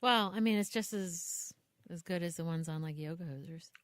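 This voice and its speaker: A woman's voice: fairly low pitch, moderate pace, dry recording. A woman co-hosting a podcast, chatty and teasing in casual banter. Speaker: podcast co-host.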